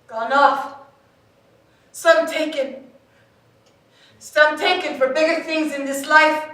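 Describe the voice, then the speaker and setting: A woman's voice: high-pitched, fairly even intonation, slow pace, pushed and bright, exaggerated voice. A woman playing an abandoned, trapped woman who pleads and then turns to bitter rage on stage. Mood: quiet. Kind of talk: stage performance. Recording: echoey stage from far off.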